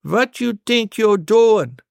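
A scolding old grandfather, as a storyteller puts him on. The voice jumps well above the teller's own and drags along, gravelly and stern. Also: high voice, animated, slow, dry recording, clean studio sound, voice pushed up, full character voice. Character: stern grandfather scolding a boy, gruff and rural.

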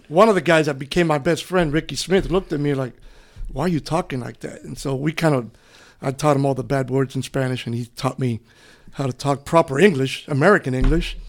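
Man, middle-aged, from Cuba, interview guest, casual storytelling, fairly high voice, lots of "you know". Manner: relaxed, rambling, often says "you know". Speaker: interview guest, retired police officer. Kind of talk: conversational storytelling.

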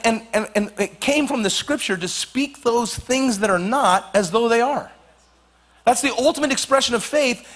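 A high-voiced man preaches to a church, animated and jokey. He acts out quick little scenes as he goes, easy and playful with the crowd. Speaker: pastor. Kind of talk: sermon.

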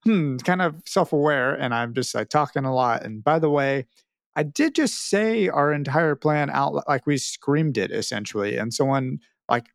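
Animated man chatting on a podcast. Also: a little high, moderate pace, creaky, dry recording, studio quality. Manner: animated, rambling, laughs. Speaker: podcast co-host. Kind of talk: casual chat.

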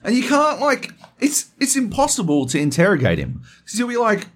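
A man's voice: high voice, wildly swooping pitch, a little fast. A man hosting a podcast in casual chat, swearing constantly and getting worked up as he tells a story. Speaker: podcast host.

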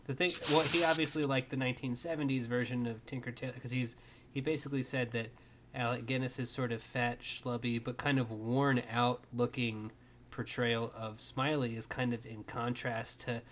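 A man's voice: medium pitch, fairly even intonation, normal speed, a bit bright. A man talking as a podcast guest in casual chat, digressive with many fillers.

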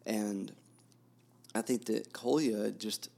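A man co-hosting a relaxed book discussion, thinking aloud in a low voice with plenty of fillers and restarts. His tone has a gravelly, fry-heavy texture. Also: slow. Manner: rambling, many fillers and restarts. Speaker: teacher and podcast co-host.

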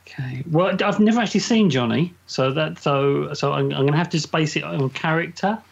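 A man's voice: fairly high pitch, a little fast, gravelly, dull audio. A man answering a quiz question in casual chat, hesitant and musing aloud. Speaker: quiz contestant.

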